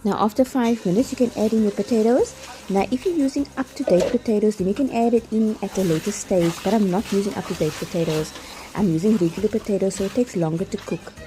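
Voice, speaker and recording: A woman's voice: mid-range voice, fast. Chatty woman cooking. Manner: chatty, step-by-step instructions with light laughs. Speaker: cooking vlogger. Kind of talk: cooking tutorial voice-over. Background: background music.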